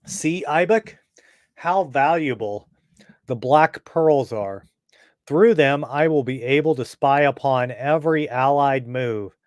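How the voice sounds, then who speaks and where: A man voicing a gloating evil male mastermind from space in a comic reading, speaking slowly and scheming. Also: mid-range voice, no echo, clean studio sound, close to an everyday voice.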